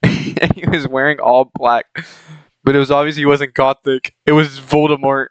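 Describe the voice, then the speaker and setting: A young man reads a fan fiction aloud for laughs, giggling, tripping over words and pausing to comment. His voice is smooth and clear. The sound is dry and close. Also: mid-range voice, flat delivery, dry recording, lo-fi sound. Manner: giggly, keeps breaking into laughter; stumbles and corrects his reading. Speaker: channel host reading fan fiction. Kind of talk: comedic reading aloud with commentary.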